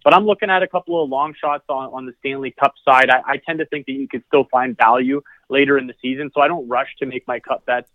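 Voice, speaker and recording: A man talks quickly in a relaxed, rambling way, stumbling over and repeating words as he thinks. His voice comes through a thin, tinny phone line with no room sound at all. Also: mid-range voice, no echo. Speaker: podcast guest. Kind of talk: casual chat.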